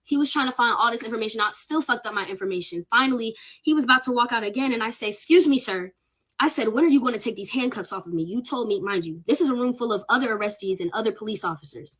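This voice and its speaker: A woman's voice: on the high side, quick pace, a bit bright. A young college student tells her arrest story casually on a livestream, shaken and close to tears, swearing freely. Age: young adult. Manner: emotional, candid, swears freely, on the verge of tears.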